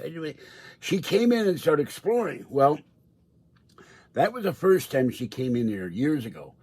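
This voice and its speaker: Casual livestream host, male, husky voice, meandering storyteller. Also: fairly high pitch, sing-song, normal speed, darkish tone. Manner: chatty, meandering storyteller who laughs often. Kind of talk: rambling casual livestream chat. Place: indoors at home.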